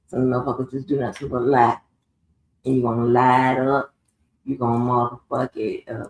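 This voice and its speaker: Woman, live stream host, profane confrontational rant, gravelly voice, roomy sound. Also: very deep voice, darkish tone. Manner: profane, confrontational, swears heavily. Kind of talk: ranting live stream monologue. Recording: roomy echoey room.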